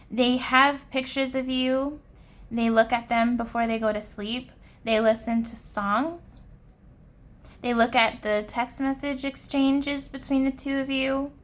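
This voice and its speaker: A woman giving a pick-a-card tarot reading with a slow, soft and earnest delivery. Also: a little high. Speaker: tarot reader.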